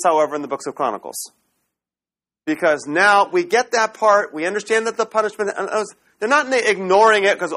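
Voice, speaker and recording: A man teaching a Bible class in a classroom lecture style, animated and often checking in with the class. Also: high voice.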